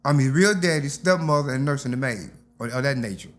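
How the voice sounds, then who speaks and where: Man, older, animated storyteller, interview guest. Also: mid-range voice, quick pace. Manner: animated, acts out voices in his stories.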